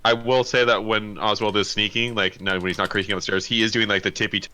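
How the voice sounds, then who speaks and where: A man's voice: on the low side, fairly even intonation, fast talker, pushed and bright. A man playing a tabletop game, joking and bantering with the table. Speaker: player.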